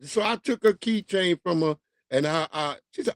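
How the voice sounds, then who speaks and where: A man hosting a livestream, telling stories in a casual, profane, animated and mocking way. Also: high-pitched, moderate pace, no room sound. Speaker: livestream host. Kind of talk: casual storytelling rant.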